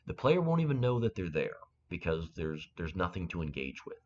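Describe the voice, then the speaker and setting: Low-voiced man explaining with halting restarts. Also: highs cut off. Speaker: game-making tutorial host. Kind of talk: screen-recorded software tutorial.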